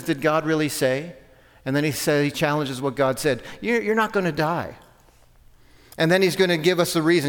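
A man's voice: fairly high pitch, smooth. A man preaching a sermon, conversational, with self-corrections and rhetorical questions. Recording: long hall reverb.

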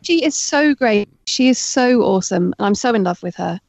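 A woman getting over a heavy cold, talking as a guest in a casual interview over a remote call, chatty and excitable and laughing often. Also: mid-range voice, normal speed, vocal fry, no echo. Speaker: guest, author and audiobook narrator.

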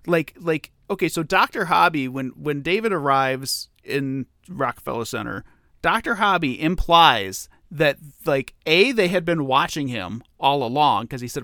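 A man co-hosting a casual film podcast, asking questions in an animated way with many fillers. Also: a little high, measured pace, dry recording, clean studio sound. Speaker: podcast co-host.

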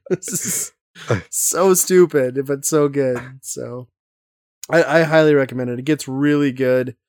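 A man's voice: mid-range voice, takes it slowly, darkish tone, no echo, studio quality. A man hosting a casual podcast chat, talking enthusiastically and rambling with lots of fillers. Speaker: podcast host.

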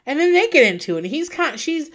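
A woman recapping in casual chat, animated, laughing often and swearing freely. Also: sits high, quick pace. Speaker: podcast host recapping reality TV.

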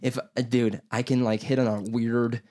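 A man's voice: mid-range voice, flat delivery, normal speed, dark tone. A young man telling a story in casual chat, rambling, swearing often and acting out what people said. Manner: rambling, swears a lot, acts out quotes.

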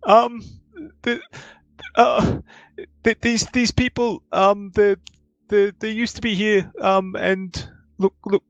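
A man's voice: sits high, flat delivery, slow pace, dry recording, lo-fi sound, pitched above the performer's own voice. A man voicing a timid, nervous man who stammers and hesitates with many ums, in a tabletop game. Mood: flustered.

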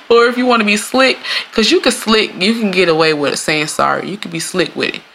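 A podcast host in a casual solo monologue, animated and swearing freely, often laughing and acting out quoted lines in playful voices. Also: medium pitch, normal speed, creaky, slight background noise.

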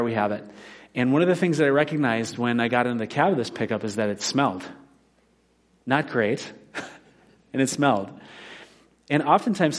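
A man in his forties, a pastor giving a conversational sermon that mixes scripture with personal stories. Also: medium pitch. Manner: conversational preaching with personal anecdotes.

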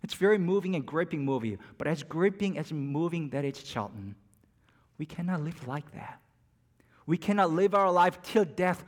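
Preacher swinging from hush to fervor. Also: male voice, fairly high pitch, moderate pace. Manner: dynamic, drops to near-whispers and rises to emphatic peaks. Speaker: pastor. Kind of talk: sermon.

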